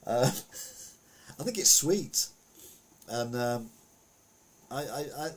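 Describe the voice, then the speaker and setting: Husky chatty man. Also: medium pitch, animated, very slow. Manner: rambling, chatty, frequent fillers and asides. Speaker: podcast host. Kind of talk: casual news commentary.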